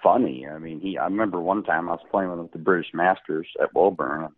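A middle-aged man, a golf pro guest, telling casual stories with a relaxed, laughing manner. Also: low voice, quick pace. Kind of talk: casual storytelling. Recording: tinny phone-like line.

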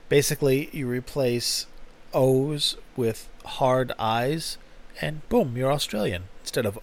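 A man's voice: medium pitch, animated, unhurried. A man hosting a music podcast, chatting casually in a rambling, profane way with frequent fillers. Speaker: podcast host. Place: home in a smoky city.

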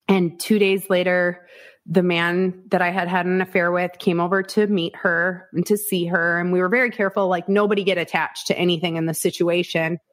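A woman from Iowa, a podcast guest, tells her story frankly and with animation, acting out quotes, swearing and laughing often. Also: fairly low pitch. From Iowa, United States. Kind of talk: candid storytelling interview.

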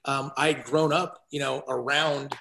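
A man guesting on a podcast, chatting and telling stories in an animated way, often restarting his sentences. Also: medium pitch, measured pace, vocal fry, reverberant. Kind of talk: casual chat, storytelling.

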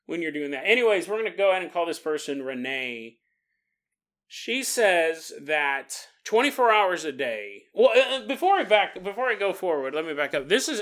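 Animated laughing male podcast host. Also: high-pitched. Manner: animated, laughing often, acting out quoted voices. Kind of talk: casual solo podcast monologue.

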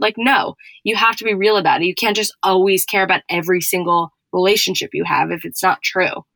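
A woman's voice: fairly low pitch, quick pace, few pauses, a bit bright, no echo, poor audio. Woman cohost gabbing about reality tv, lots of likes, dry close mic. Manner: chatty, many "like" fillers. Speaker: podcast co-host. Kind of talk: casual chat recapping reality TV.

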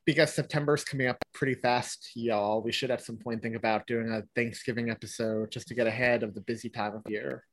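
A man's voice: mid-range voice, fairly even intonation, brisk, hardly any pauses, no echo. A man hosting a podcast, chatting casually with friends in an upbeat, enthusiastic way. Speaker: podcast host. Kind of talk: casual chat.

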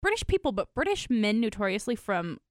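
A woman chatting casually, replying in easy, quick responses. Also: medium pitch, very animated, no room sound, studio quality. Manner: easygoing, quick back-channel replies. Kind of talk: casual chat.

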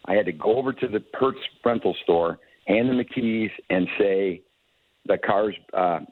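Older guy on a tinny phone line, lowish voice, rambling stories, keeps restarting. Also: normal speed, no echo. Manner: rambling anecdotes with frequent restarts and chuckles. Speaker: guest, hockey executive. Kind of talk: casual storytelling.

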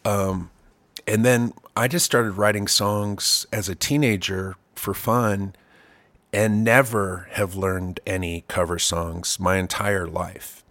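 A man's voice: sits low, fairly even intonation, takes it slowly, a bit bright, dry recording. A man hosting a casual chat and talking as a songwriter, rambling and self-deprecating with many restarts. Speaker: podcast host and songwriter.

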